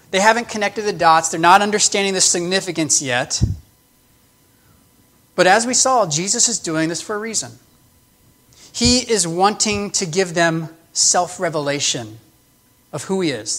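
Male preacher, higher voice, earnest teaching sermon, emphatic. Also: a bit bright. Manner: earnest, explanatory, with emphatic restarts.

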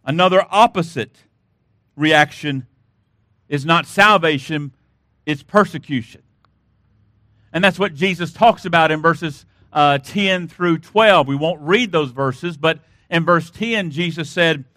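A man's voice: high-pitched, a little slow, sharp tone, no echo, studio quality. A man preaching a sermon as pastor, emphatic, asking rhetorical questions and repeatedly urging listeners to listen.

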